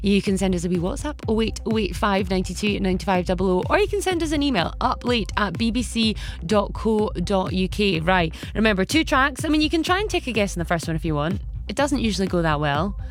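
A woman's voice: mid-range voice, expressive, fast, few pauses. A Scottish woman hosting a late-night radio show from the studio, chatting casually and laughing easily at her own slips. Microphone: studio microphone.

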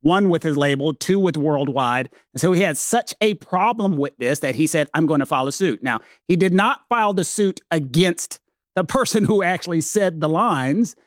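A man, a guest expert, explaining a legal case at length in a relaxed way. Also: a little high, moderate pace, no echo, studio quality. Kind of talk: explanatory conversation.

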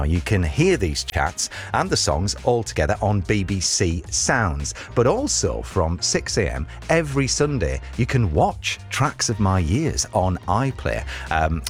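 Chatty male radio host, low and animated. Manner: chatty, enthusiastic, filler-heavy. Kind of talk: lively radio presenting.

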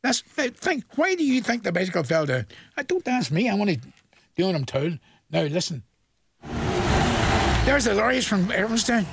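A man's voice: sits high, sing-song, normal speed, creaky, pauses often. An older man with a Northern Irish accent, hosting a chatty request and dedication show on the radio in a folksy, rambling way and chuckling at his own jokes. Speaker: radio presenter.

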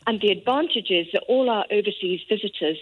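A woman's voice: mid-range voice, brisk. A woman from Kenya with an English accent, calling in to a radio phone-in and telling stories chattily. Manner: chatty, lively storytelling. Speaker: caller, farm business partner. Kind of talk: phone-in chat. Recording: muffled phone line.

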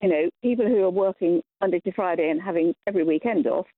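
A woman's voice: fairly low pitch, fast talker, no echo. A woman calling in to a radio show, speaking forthrightly with some hesitant fillers over a telephone line. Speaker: caller. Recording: tinny phone line.

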